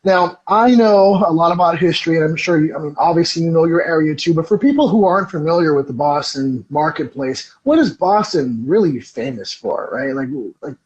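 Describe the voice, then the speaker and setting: Upbeat man hosting, higher voice. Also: animated, brisk, few pauses, darkish tone, muffled recording. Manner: upbeat, encouraging, buddy-like. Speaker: podcast host. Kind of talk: casual interview hosting.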